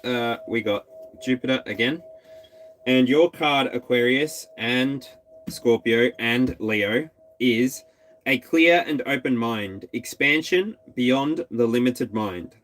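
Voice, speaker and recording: A man's voice: medium pitch, slow pace, fairly bright tone, low-quality recording. Musing Australian man reading tarot. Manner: musing, tentative, talks to signs directly. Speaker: tarot reader.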